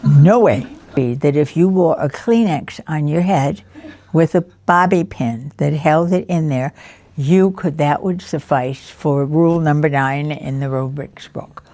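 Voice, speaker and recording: A woman in her nineties telling the story of her life in an interview, lively and anecdotal, often chuckling as she recalls people. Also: low voice, a little slow. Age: 90s. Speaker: interviewee, veteran educator.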